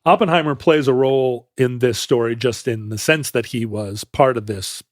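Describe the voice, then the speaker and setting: A man's voice: medium pitch, moderate pace, no room sound, studio quality. A man co-hosting a podcast, explaining history in a rambling way, often correcting himself mid-sentence. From United States. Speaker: podcast co-host. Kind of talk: casual chat.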